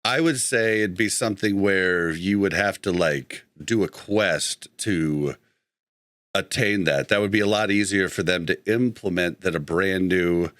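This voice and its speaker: A man's voice: low voice, unhurried, a bit bright, no echo, studio quality. A man hosting a podcast in casual chat, reading out live chat and easily sidetracked, with an easygoing manner. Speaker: podcast host.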